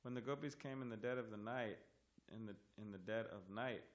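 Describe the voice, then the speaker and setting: Man reading scripture at a steady pace. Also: fairly low pitch. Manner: measured, word-by-word recitation. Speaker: scripture class leader. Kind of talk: reading verses and commentary aloud. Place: temple hall.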